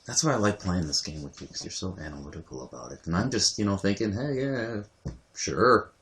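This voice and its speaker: A man's voice: deep voice, big pitch swings, fast talker, background noise. A man co-hosting a casual podcast, laid-back, mostly giving brief agreeing replies. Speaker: podcast co-host.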